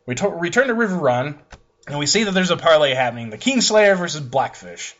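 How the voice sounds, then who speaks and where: A man's voice: on the high side, muffled recording. Profane man recapping a show. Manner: profane, animated, paraphrases characters in quick asides. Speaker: podcast co-host recapping a TV episode. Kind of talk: casual recap chat.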